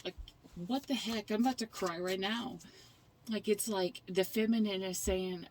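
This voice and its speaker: A woman's voice: medium pitch, fairly even intonation, normal speed, a little mellow, a little hiss or hum. A middle-aged woman giving a tarot reading, explaining the cards earnestly in a rambling, casual way with frequent restarts. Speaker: tarot reader.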